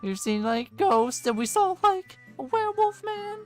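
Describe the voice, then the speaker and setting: A woman's voice: extremely high pitch, big pitch swings, measured pace, darkish tone, soft background music, full character voice. A woman voicing a laid-back, jittery young stoner man who drawls and ends lines with "man", in a tabletop role-play.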